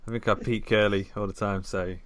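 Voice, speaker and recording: A man's voice: lowish voice, little pitch movement, fairly quick. A man co-hosting a podcast and playing a quiz, laughing a lot and making fun of himself. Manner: laughs a lot, self-mocking. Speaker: podcast co-host and contestant. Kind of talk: casual chat.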